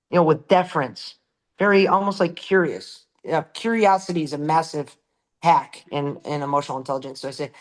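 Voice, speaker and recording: In a casual podcast chat, a middle-aged man who sells shower doors tells lively anecdotes about the job, acting out quotes and swearing now and then. His voice is fairly high and his pace brisk.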